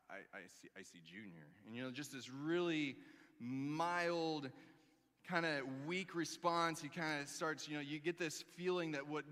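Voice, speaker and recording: A man preaching a sermon as a pastor, telling a story with animated emphasis and acting out the lines he quotes. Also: on the high side, in a large hall.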